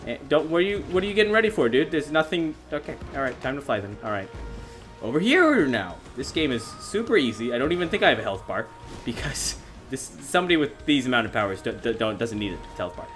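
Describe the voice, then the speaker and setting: A young man giving excitable, self-mocking gameplay commentary as a gaming YouTuber, often laughing at himself. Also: medium pitch, fast, soft background music.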